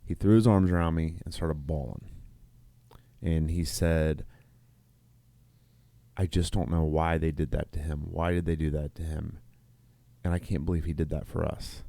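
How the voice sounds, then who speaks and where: A man's voice: very deep voice, fairly even intonation, normal speed, gravelly, dark tone, no echo. A middle-aged man, a nurse who co-hosts a podcast, telling a long story in casual chat, rambling with restarts and quoted dialogue. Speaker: podcast co-host.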